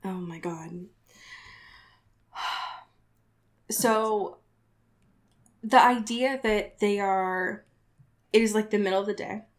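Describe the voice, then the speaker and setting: A woman's voice: medium pitch, steady tone, slow pace, pauses often. A woman co-hosting a casual book podcast, chatty and full of fillers, often breaking into laughter. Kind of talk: casual chat recapping a book.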